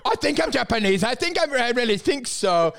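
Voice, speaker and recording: A man's voice: very high voice, very animated, a little fast, gravelly, a bit bright. An Australian man co-hosting a comedy podcast, rowdy and laughing, swearing through casual chat.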